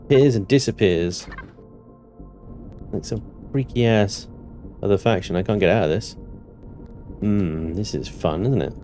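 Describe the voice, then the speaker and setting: A man giving let's-play commentary on his game, thinking aloud and breaking into panicked yelling and joking curses. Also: on the low side, unhurried, pauses often, faint music behind. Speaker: gaming channel host.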